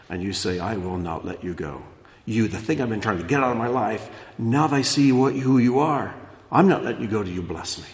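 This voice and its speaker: A man preaching a sermon as pastor, dropping low and soft, then rising loud and animated. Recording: echoey hall.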